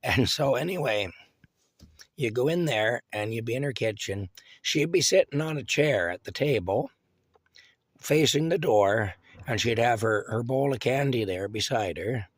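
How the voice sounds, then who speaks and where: A man's voice: mid-range voice, animated, unhurried, dry recording. A man casually reminiscing about his childhood hometown, rambling with fillers, restarts and chuckles. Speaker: storyteller.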